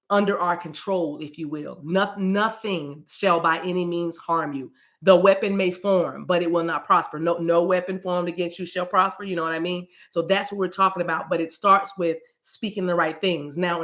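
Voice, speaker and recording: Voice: mid-range voice, fairly bright tone. A spiritual card reader giving a casual message, quoting scripture loosely, who often repeats words and restarts sentences.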